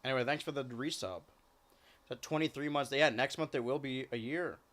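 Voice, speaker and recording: Guy streaming, casual rambly chat, keeps cooing at his cats, normal mid pitch. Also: moderate pace, a bit bright. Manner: chatty, coos and baby-talks to his cats. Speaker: live streamer.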